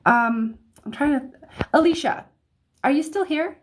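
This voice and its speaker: A woman giving a live-streamed tarot reading, talking in a chatty, easygoing way, often checking in with "okay?" and laughing softly between phrases. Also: high-pitched, a little slow, slight background noise. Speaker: psychic reader. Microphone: phone or desk mic on livestream.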